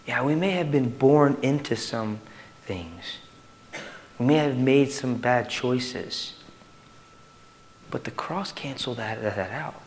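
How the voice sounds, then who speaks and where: A male pastor preaching a sermon to his church in an animated way, swinging from loud to hushed. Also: medium pitch, slow, pauses often, slight background noise.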